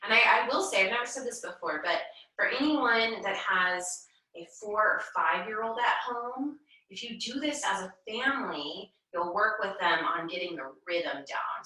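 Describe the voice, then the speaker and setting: A woman leading a children's yoga class, talking slowly and gently and encouraging the kids with chants and animal sounds. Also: on the low side. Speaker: kids' yoga teacher. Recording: echoey room, mic far off.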